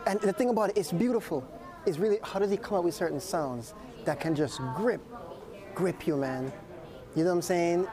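A man's voice: sits high, a little fast. A man with a Jamaican accent chatting casually and laughing, telling about his past. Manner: lively, laughing, says man a lot. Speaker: guest sharing his story. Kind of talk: casual chat. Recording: loud crowd chatter around.

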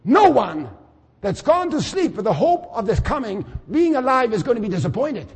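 Animated older preacher, husky voice. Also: male voice, very high voice, brisk, in a large hall. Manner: animated, swings from quiet musing to shouting. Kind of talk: sermon.

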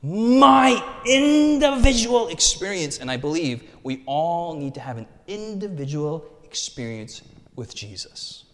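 A young American man preaching a sermon with animated rhetorical contrasts and call-and-response. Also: mid-range voice, unhurried. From United States. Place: church hall. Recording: reverberant hall.

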